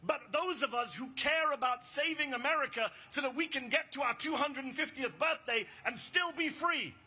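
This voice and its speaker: A man giving an impassioned, rousing protest speech at an outdoor rally, shouting slogans and leading call-and-response. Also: very high-pitched, moderate pace. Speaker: rally speaker.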